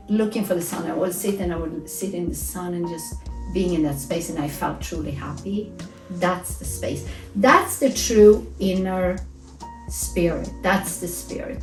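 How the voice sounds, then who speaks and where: A woman's voice: medium pitch, reverberant. Podcast host, woman, blunt and profane in a reflective chat; distant mic, faint music underneath. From Sweden. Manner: frank, profane, acts out quoted voices. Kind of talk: casual reflective monologue.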